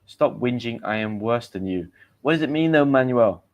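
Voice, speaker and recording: Speaking at normal speed in an expressive, mid-range voice, this British-accented man runs a livestreamed vocabulary class. He keeps things chatty, putting quiz questions to his audience and reading out what they write. The audio sounds dull.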